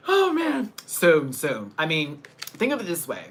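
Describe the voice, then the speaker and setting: Man, livestream host, lively swooping pitch, laughs a lot, casual chat. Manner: animated, chatty, laughs often; reads out and greets viewers by name. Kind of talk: casual live chat with viewers.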